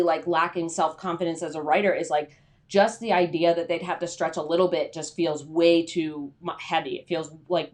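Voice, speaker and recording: A woman's voice: lowish voice, a little mellow. A woman giving a casual livestream talk on freelance writing, chatty with many fillers, acting out anxious inner voices.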